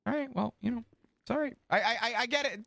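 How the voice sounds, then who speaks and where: A man streaming a roleplay game, talking in an excitable, rambling, self-mocking way. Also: very high-pitched, fast talker, vocal fry, no room sound, studio quality. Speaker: streamer roleplaying a cadet police character. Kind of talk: animated roleplay streaming chatter.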